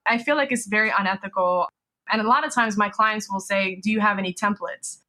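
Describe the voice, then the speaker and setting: Bright-voiced woman lawyer explaining. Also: medium pitch, fairly quick. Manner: explanatory, frequent "you know" and "right?". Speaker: business lawyer guest. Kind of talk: conversational podcast interview.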